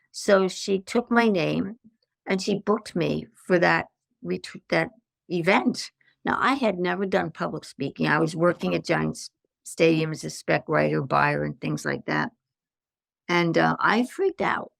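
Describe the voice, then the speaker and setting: An older woman, a guest on a podcast interview, telling her life story in lively anecdotes and acting out the lines of the people in them. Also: fairly low pitch, gravelly, dry recording, clean studio sound. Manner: animated anecdotes with acted-out quotes. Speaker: guest, stress management consultant.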